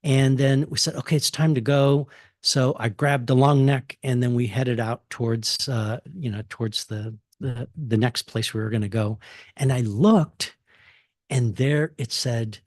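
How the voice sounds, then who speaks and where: A man's voice: mid-range voice, steady tone, unhurried, darkish tone, no room sound. Man, sixties, from Texas, guest speaker, casual storytelling, chuckles and fillers, dry close sound. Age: 60s. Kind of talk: storytelling university talk. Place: lecture hall.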